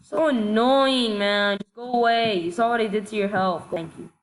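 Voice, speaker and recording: A woman commenting casually on her gameplay, excitable and stammering at times. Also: mid-range voice, brisk, a little hiss or hum, poor audio. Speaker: gamer.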